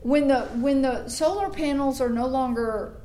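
A middle-aged woman with a drawl addresses a room of supporters in an animated speech. Her voice sits a little high, and she drops in and out of the voices of the people she quotes. She keeps building up her emphasis as she goes. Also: measured pace, slight background noise. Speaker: state senator. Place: meeting room with an audience.

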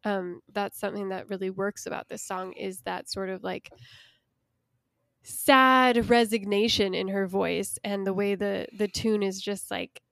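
Chatty woman with a gravelly voice. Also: mid-range voice, steady tone, a little slow, a bit bright, dry recording. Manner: chatty, lots of "like" and restarts. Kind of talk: casual chat about a song.

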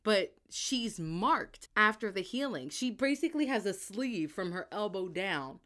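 A woman's voice: medium pitch, lively intonation, a little slow, fairly bright tone. A woman in casual chat about a book, emphatic and profane, laughing often and acting out quotes. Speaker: book discussion co-host.

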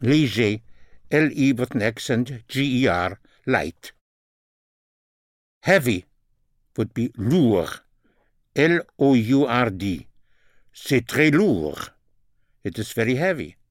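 A man's voice: medium pitch, sing-song, slow pace, long pauses, dry recording, studio quality. A man teaching a spoken language lesson, repeating phrases and spelling words out letter by letter.

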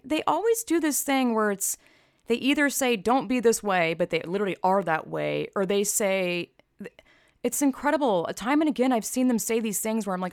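A woman's voice: on the high side, normal speed, no echo, clean studio sound. A woman commentator reading posts aloud and reacting with blunt, sarcastic, profane remarks. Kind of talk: opinion vlog commentary.

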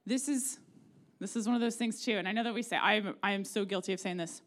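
A woman's voice: medium pitch, fast talker, fairly bright tone. A woman in her forties with an American Midwestern accent, preaching a conversational, humorous sermon in a church. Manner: conversational and humorous, acting out quoted prayers. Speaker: pastor. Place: church sanctuary.

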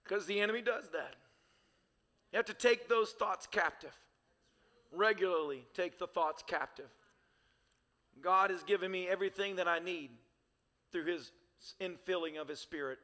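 A man's voice: high voice, normal speed, long pauses, sharp tone. A male pastor preaching a sermon with fervor, using rhythmic, repeated phrases. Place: church sanctuary. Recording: reverberant church hall.

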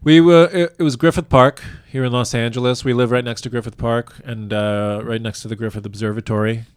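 A man's voice: mid-range voice, fairly even intonation, brisk, smooth, no echo, studio quality. A man telling a long personal story in a casual interview, rambling and self-deprecating, laughing often. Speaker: guest telling his proposal story. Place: lives in a large US city.

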